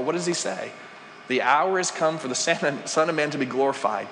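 A male pastor preaching a sermon, moving between hushed asides and emphatic rises. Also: fairly high pitch, lively intonation, normal speed, slight background noise. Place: church sanctuary. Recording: long reverb, faint ambience.

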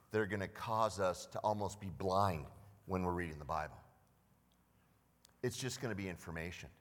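A man preaching a sermon as pastor, telling the story with animated asides and acted-out voices. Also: deep voice. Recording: long hall reverb.

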